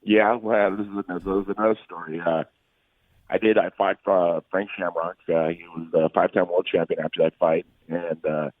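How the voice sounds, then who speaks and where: A middle-aged man, a former fighter, telling stories from his career as an interview guest, rambling with frequent pauses and restarts. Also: deep voice, little pitch movement, dry recording. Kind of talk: casual storytelling in an interview. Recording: tinny phone-like line, dry.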